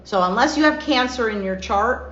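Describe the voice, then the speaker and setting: A woman giving a casual tarot reading, chatty and animated, acting out little everyday dialogues as she talks. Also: fairly high pitch, moderate pace. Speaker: tarot reader. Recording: roomy, slightly dull with faint noise.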